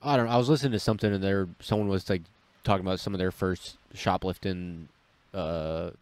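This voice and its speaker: Fast-talking low-voiced man, stuffy nose. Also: fairly even intonation, a little mellow, no echo. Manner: rambling storyteller, many restarts and quoted voices. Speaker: podcast co-host. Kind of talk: casual chat.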